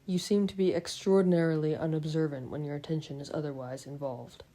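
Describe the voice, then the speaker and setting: A calm young vampire husband who teases in a low, quiet, even voice, read by a woman. The tone is dark and mellow, and it stays measured throughout this storybook reading. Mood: teasing.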